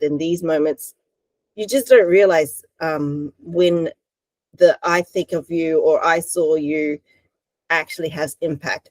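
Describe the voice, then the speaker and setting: A woman's voice: fairly low pitch, warm tone, no room sound, rough recording. A woman hosting a casual interview podcast, talking reflectively and searching for words. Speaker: podcast host.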